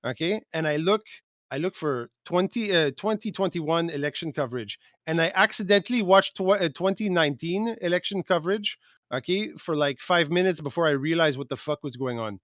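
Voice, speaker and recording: A man's voice: on the high side, fairly quick, a bit bright, no room sound, studio quality, close to an everyday voice. A man from Quebec putting on an exaggerated Quebec French accent in broken English, dropping articles and tacking "okay?" onto his points during a podcast chat. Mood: ranting.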